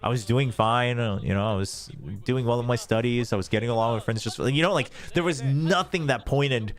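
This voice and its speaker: A man's voice: mid-range voice, fairly quick. Young male streamer host, mid-range voice, loose self-deprecating chat with frequent laughs. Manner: self-deprecating, laughs often, rambling restarts. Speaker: esports caster hosting a watch party. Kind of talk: casual chat.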